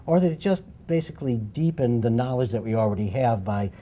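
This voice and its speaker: A man's voice: mid-range voice, a little fast, mellow, slight background noise. A male interview host asking long, winding questions with a few fillers.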